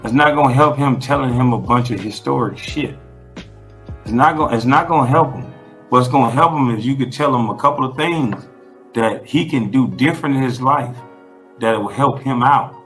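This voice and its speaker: A man's voice: medium pitch, moderate pace, fairly bright tone, soft background music. A man being interviewed who talks in a blunt, emphatic way and swears freely. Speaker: interview guest. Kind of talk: casual conversational interview.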